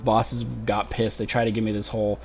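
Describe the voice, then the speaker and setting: A man's voice: fairly low pitch, flat delivery, brisk, a little mellow, faint music behind. A man livestreaming a game, telling a long profane story in a frustrated casual rant and laughing through it. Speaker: gaming livestreamer.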